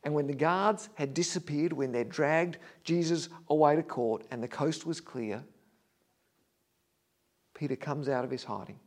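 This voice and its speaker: A man preaching a sermon as a vivid story, his voice swinging between loud and hushed. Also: a little high, a little slow.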